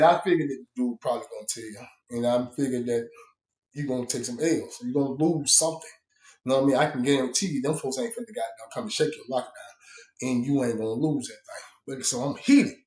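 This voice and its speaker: A man casually telling a story about his time in prison. His talk is blunt and profane, full of fillers, and he changes his voice to act out the people he quotes. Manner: shifts pitch and loudness to act out quoted people. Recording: roomy echo.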